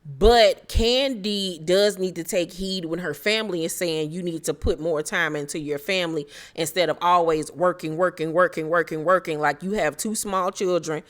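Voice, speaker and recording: A woman's voice: fairly low pitch, normal speed, hardly any pauses. A woman recapping a reality TV episode in casual commentary, blunt and profane, gossiping and laughing as she goes.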